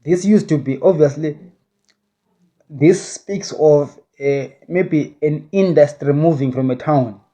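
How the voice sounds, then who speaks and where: A man recounts a vision in a casual spoken monologue, rambling and hedging, with many restarts. His voice is on the high side and dark in tone, and he takes it slowly.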